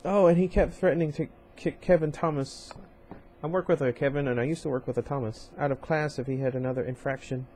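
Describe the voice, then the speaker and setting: Reading a novel aloud casually, a man keeps the story plain and stops for chatty asides to his viewers. His fairly high, darkish voice moves fast with fairly even intonation, over slight background noise.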